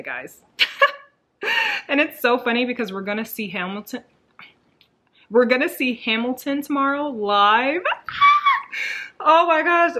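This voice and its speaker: A woman's voice: medium pitch, fairly bright tone, a little hiss or hum. A woman hosting her own knitting vlog, chatting casually in a giggly, gushing way at home. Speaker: knitting vlogger.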